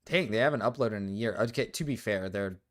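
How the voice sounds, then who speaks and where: This young guy is live streaming, chatting in a casual way but getting defensive, moving from quiet mumbling to loud objections. He talks fast.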